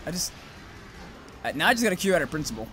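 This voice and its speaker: A young man commentating his own gameplay, rambling to himself and cursing loudly at the monsters. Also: on the high side, big pitch swings, quick pace, background noise. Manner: profane, rambling, yells at monsters.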